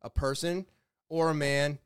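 A man hosting a casual podcast, with a fairly high, smooth, clear voice. He speaks supportively and encourages his guest to open up. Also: little pitch movement, measured pace. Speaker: podcast host.

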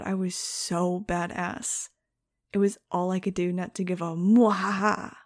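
A woman's voice: on the low side, level tone, a little slow, no echo, studio quality. A woman narrating an audiobook in the first person, in a sarcastic, wisecracking, chatty way.

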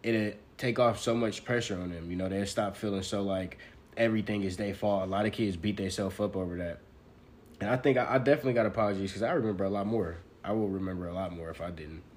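A man's voice: fairly low pitch, fast, darkish tone, slight background noise. Man, co-host, casual chat, laid-back, slangy, lots of "like". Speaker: podcast co-host.

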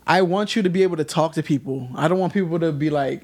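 A man's voice: on the high side, fast, slightly rough. A young man hosting a casual podcast chat, loose and storytelling, laughing often.

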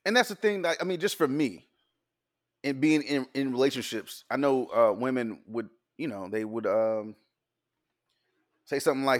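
A man's voice: medium pitch, moderate pace, pauses often. A man co-hosting a casual podcast chat, telling stories in a blunt, profane way.

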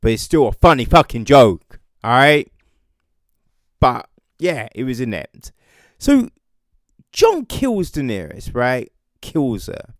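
A man's voice: medium pitch, very animated, slow pace, long pauses, no room sound, clean studio sound. A man with a British accent giving a casual, sarcastic rant about a TV show, swearing freely. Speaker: TV show reviewer. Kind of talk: casual ranting commentary.

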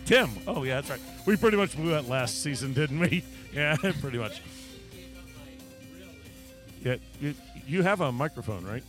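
A man with a slightly high voice hosts a podcast from a bar, ribbing his friends and himself in loose, joking banter. Music plays clearly behind him. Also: animated, moderate pace, long pauses. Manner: joking, self-deprecating. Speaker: podcast host.

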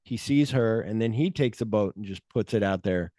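A man's voice: fairly low pitch, moderate pace, warm tone, dry recording, clean studio sound. A man co-hosting a podcast, retelling movie scenes animatedly, acting out the quotes and swearing freely. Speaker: podcast co-host. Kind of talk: casual movie chat.

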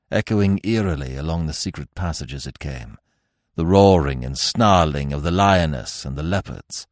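A man narrating a classic adventure story in a theatrical, highly expressive reading. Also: no echo, studio quality. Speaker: podcast narrator. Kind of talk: dramatic audiobook narration.

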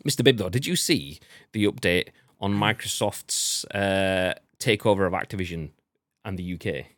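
A man's voice: sits low, moderate pace, a bit bright, dry recording, studio quality. A man hosting a gaming news podcast in casual, joking chat, swearing freely as he reads out the news. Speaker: podcast host.

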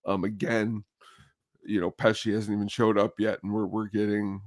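A man co-hosting a film podcast, giving relaxed, short opinions between laughs. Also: lowish voice, normal speed, no room sound. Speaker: podcast co-host. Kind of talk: casual movie discussion.

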